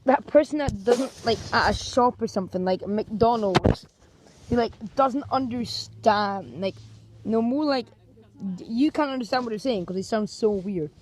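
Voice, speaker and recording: Young Scottish vlogger, slightly high voice, comic storytelling with quick switches into silly voices. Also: darkish tone. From Scotland. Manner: jumps between narration and exaggerated character voices. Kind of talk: comedic storytelling with acted skits.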